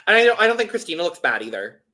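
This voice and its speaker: A man's voice: sits high, very animated, very fast, pushed and bright. A man co-hosting a podcast, chatting casually in a rambling way with many restarts. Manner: chatty, lots of likes and restarts. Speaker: podcast co-host. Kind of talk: casual recap chat.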